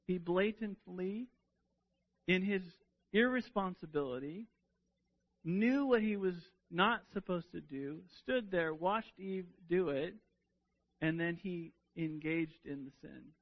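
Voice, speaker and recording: A man's voice: sits high, slow pace, long pauses, muffled recording. A man preaching a sermon in an earnest way, often repeating words as he restarts a sentence.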